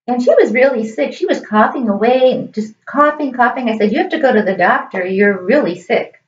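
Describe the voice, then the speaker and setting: A middle-aged woman, a high school teacher, telling a personal story in an earnest, emotional, emphatic way. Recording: echoey room, distant dull mic.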